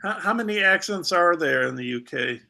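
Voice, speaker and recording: Gravelly, bright-voiced American man rambling. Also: high-pitched, expressive, a little fast. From United States. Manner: rambling, hesitant, many restarts. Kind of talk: casual livestream chat.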